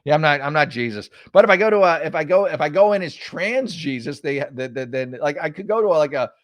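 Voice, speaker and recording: Hosting a solo political talk show, a man rants casually in a mocking, sarcastic way, frequently restarting and stammering. He talks fast in a fairly high, animated voice, with no room sound.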